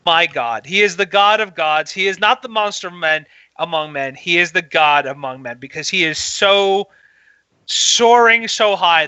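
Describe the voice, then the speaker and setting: A man co-hosting a casual wrestling chat, excitable and gushing, his voice jumping into loud squeals when he gets worked up. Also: sits high, dry recording, highs cut off. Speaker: podcast co-host.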